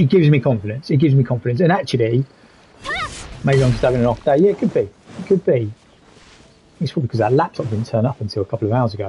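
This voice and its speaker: Gravelly, candid male streamer. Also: medium pitch, warm tone, slight background noise, low-quality recording. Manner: candid, reflective, reads chat aloud. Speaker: live streamer. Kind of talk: casual gaming stream commentary.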